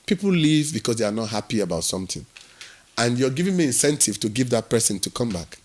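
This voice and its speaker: Animated storyteller. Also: male voice, mid-range voice, fast. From Nigeria. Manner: animated storyteller who acts out quoted dialogue. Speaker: guest. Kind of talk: storytelling interview.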